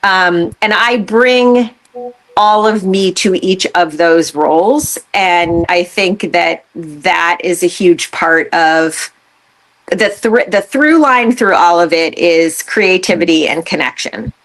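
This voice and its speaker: A woman's voice: on the low side, slow pace, fairly bright tone. A woman in her fifties, a guest on a podcast, talking in a reflective way and laughing easily. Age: 50s. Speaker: podcast guest, artist and educator. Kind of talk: casual interview chat.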